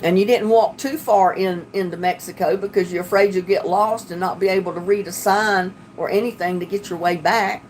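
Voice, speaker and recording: A woman's voice: medium pitch, fairly even intonation, a little fast, hardly any pauses, darkish tone, slight background noise. A woman from North Carolina with a Southern accent, chatting casually and telling rambling stories as she hosts a livestream. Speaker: livestream host.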